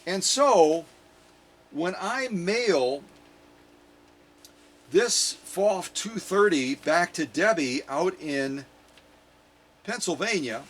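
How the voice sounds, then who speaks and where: Chatty, slightly high-voiced man vlogging. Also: expressive, extremely slow, long pauses, a bit bright. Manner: chatty and playful, with jokey asides. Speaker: sewing machine restorer and channel host. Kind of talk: casual vlog chat to viewers.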